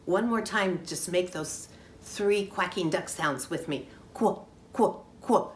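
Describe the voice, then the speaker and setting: Woman teacher with a lowish voice for a young children's phonics class, sing-song and clearly sounded-out, recorded in an echoey room. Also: measured pace. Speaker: kindergarten teacher. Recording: echoey room, faint background noise.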